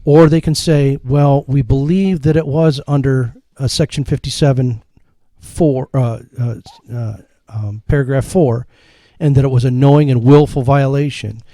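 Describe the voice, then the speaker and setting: Folksy guy explaining a complaint process, mellow voice, dry close sound. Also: mid-range voice, fairly even intonation, normal speed, few pauses, no echo. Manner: folksy, lectures with patriotic phrases, corrects others. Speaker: complainant talking on a local political show. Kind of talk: casual political talk.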